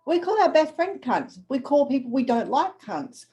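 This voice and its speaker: A woman's voice: sits high, very animated, normal speed, few pauses, dark tone. A middle-aged Australian woman co-hosting a podcast, chatting bluntly and swearing freely. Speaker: podcast co-host. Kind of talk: casual chat.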